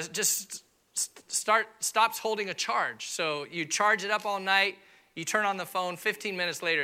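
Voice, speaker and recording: A man preaching a sermon to a church congregation, telling a funny personal story with lively asides and impressions. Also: high-pitched, clean tone. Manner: animated storytelling with comic impressions and audience asides. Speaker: pastor. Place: church auditorium.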